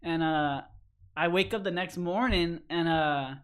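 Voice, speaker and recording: Young man, bright voice, casual chat, relaxed, says like a lot. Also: on the high side, a little slow. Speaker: storyteller.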